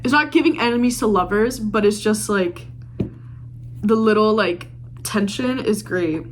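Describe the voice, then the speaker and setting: Young woman book vlogger, chatty and gushing, mid pitch, casual. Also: a little slow, a little hiss or hum. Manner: gushing, chatty, full of "like" and "literally". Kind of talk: casual reading vlog chat.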